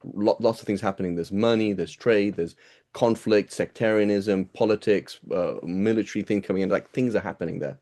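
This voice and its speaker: A man's voice: lowish voice, fairly quick, dark tone. A man teaching a small class, reading and explaining texts in a casual, rambling way and asking his students rhetorical questions.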